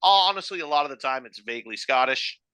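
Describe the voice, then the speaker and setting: A young man co-hosting a podcast, his voice very bright and his pitch swinging widely. He talks in an animated, jokey way and swears freely. The sound is dry and close, with no room around it. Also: quick pace, clean tone, dry recording. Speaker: podcast co-host. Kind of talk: casual chat.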